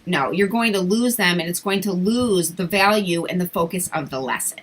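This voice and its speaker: A woman who teaches English online, giving casual tips in a vlog and sounding out words slowly and clearly as she would for young children. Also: on the low side, rough recording. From English-speaking country.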